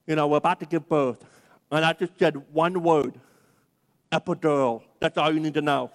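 Preacher with a very high voice, long hall reverb, lively and humorous storytelling. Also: male voice. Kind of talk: sermon storytelling.

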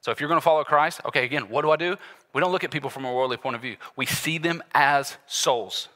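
A man preaching a sermon, walking the congregation through a passage in an animated, conversational way with sudden loud bursts. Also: medium pitch, fast talker. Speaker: pastor. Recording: long hall reverb.

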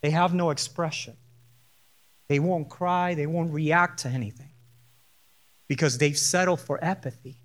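A man's voice: fairly high pitch, fairly even intonation, unhurried, long pauses. A male pastor preaching an earnest sermon to his congregation, stressing points through repetition and brief personal asides. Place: church sanctuary.

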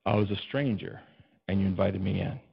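Emphatic preaching man, hush to shout. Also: fairly even intonation, a little fast, vocal fry, slightly rough, highs cut off. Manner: swings from hushed and low to loud and soaring, emphatic; asks the congregation questions. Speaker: pastor. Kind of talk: sermon. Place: church.

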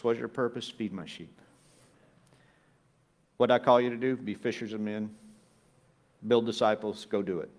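A man preaching a sermon, building from quiet reflective lines to loud, emphatic peaks. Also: lowish voice, steady tone, moderate pace, pauses often. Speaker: pastor.

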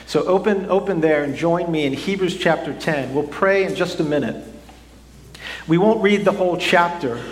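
A middle-aged man preaching a sermon in a church, talking conversationally and often repeating words as he restarts. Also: fairly high pitch. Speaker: pastor. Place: church sanctuary. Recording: echoey hall, faint room noise.

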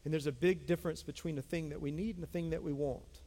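A man's voice: on the high side, fairly even intonation, quick pace, mellow. A middle-aged man, a pastor preaching a sermon emphatically, repeating lines and calling out to his congregation. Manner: emphatic, repetitive preaching with audience call-outs. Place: church sanctuary. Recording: long hall reverb.

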